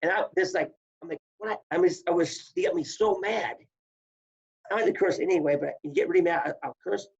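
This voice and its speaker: Gravelly-voiced man telling stories animatedly. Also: sits high, brisk. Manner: animated, acts out quoted voices, repeats words. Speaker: guest, former wrestler and coach. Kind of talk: casual storytelling. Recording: muffled lo-fi audio.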